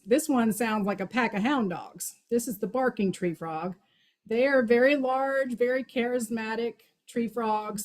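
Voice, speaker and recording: A woman's voice: mid-range voice, low-quality recording. A woman giving a chatty, enthusiastic talk on frog calls as a wildlife outreach coordinator, with many fillers.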